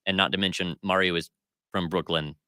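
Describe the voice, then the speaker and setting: A man with a very low voice that still cuts through with a bright, forceful edge. He co-hosts a casual pop culture podcast and critiques at length, opinionated and full of fillers. The sound is dry and close. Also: steady tone, brisk, clean tone, no echo. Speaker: podcast co-host.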